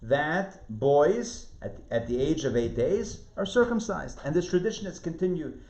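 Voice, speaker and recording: A man, a rabbi, teaching an online Torah class, lively, restarting phrases and asking his students questions. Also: fairly high pitch, moderate pace. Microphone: video call. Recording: roomy, muffled video-call audio.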